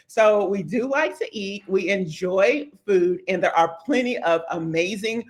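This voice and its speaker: A woman's voice: mid-range voice, moderate pace, hardly any pauses. A woman from Louisville, a real estate agent giving upbeat, chatty advice to people moving to her city. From Louisville, Kentucky. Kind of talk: casual advice vlog.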